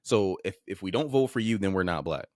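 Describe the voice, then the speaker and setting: Brisk and expressive, a low-voiced man hosts a podcast where he plays clips and comments on them bluntly and informally. He swears in passing and keeps restarting phrases, and the studio sound is clean with no echo.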